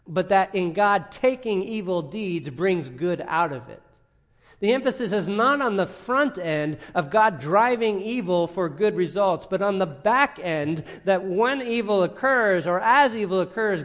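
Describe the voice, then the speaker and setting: A man preaching a sermon as pastor, teaching earnestly and leaning on key points with rising emphasis. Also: on the high side. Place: church sanctuary. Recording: long reverb of a church hall.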